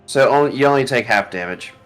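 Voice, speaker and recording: A man's voice: medium pitch, fast talker, a bit bright, soft background music. A man playing a tabletop game, hesitant with many fillers and playful. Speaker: player. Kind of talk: casual tabletop game play.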